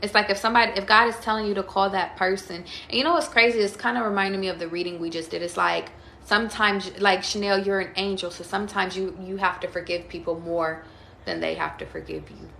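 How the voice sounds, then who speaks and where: A woman's voice: mid-range voice, fairly even intonation, quick pace, vocal fry, bright, forceful tone. A woman giving a casual live tarot reading, chatty and emphatic, swearing freely and calling out viewers by name. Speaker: tarot reader on a livestream. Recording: echoey room with faint noise.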